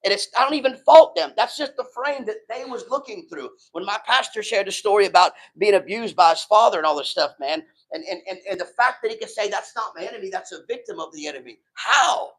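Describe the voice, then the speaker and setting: High-pitched guy preaching to a room, casual and slangy, keeps saying man. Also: lively intonation, fairly quick, hardly any pauses, a bit bright, low-quality recording. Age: middle-aged. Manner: casual, street-talking, says "man" a lot. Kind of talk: sermon. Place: room with a live audience.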